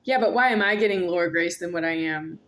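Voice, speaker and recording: A woman's voice: lowish voice, fast, fairly bright tone. A woman vlogging alone, rambling and confrontational, repeating herself as she speaks to an unseen "you". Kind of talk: rambling monologue to camera.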